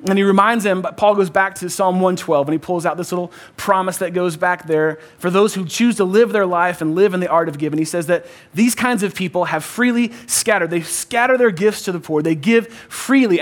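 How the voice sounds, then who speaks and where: A man with a fairly high voice preaches to a congregation in a relaxed, conversational way. He leans hard on repeated phrases and pauses to have the people shout the words back to him. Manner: emphatic, repeats key phrases, calls for audience response; conversational, uses "like" and "kinda". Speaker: pastor. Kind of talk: sermon.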